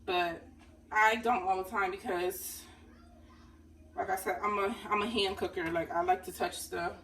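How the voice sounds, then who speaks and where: A woman's voice: mid-range voice, steady tone, unhurried, fairly bright tone, recorded from a distance. Chatty woman cooking in her kitchen. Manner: chatty, talks straight to viewers, calls them honey. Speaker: vlogger. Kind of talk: casual cooking vlog. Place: home kitchen. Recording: voice a bit off-mic with faint room noise.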